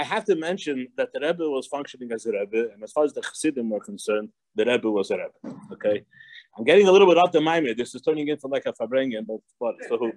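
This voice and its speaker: A rabbi leads an informal class, his mid-range voice carrying a darkish tone in a dry recording. He tells digressive stories, often restarting and breaking into small laughs.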